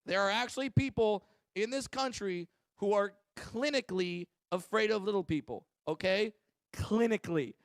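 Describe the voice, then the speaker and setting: A man's voice: high-pitched, normal speed, no room sound. A man doing a stand-up comedy set, brash and crude, swearing freely as he tells stories. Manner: crude, brash, profane storytelling.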